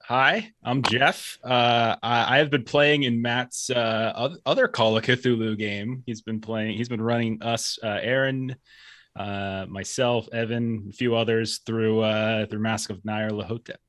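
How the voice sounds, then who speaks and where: A man's voice: medium pitch, a little slow, a bit bright, dry recording. A man introduces himself to a tabletop game stream in a rambling, self-deprecating way, full of fillers. His voice sits mid-range and sounds dry and close. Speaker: player and streamer.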